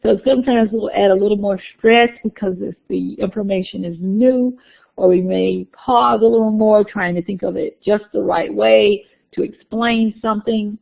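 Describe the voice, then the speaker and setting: A woman lecturer with a mid-range, gravelly voice walks her class through the material in a classroom. She talks in an explanatory way, with fillers and small self-corrections. The recording sounds tinny and narrow, like a phone line. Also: medium pitch, steady tone, moderate pace. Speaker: university lecturer.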